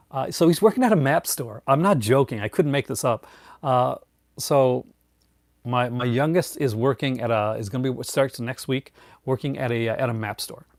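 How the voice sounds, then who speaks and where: A man's voice: medium pitch, no room sound, studio quality. A middle-aged man hosting a casual live chat, rambling with many fillers and restarts and chuckling often. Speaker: host.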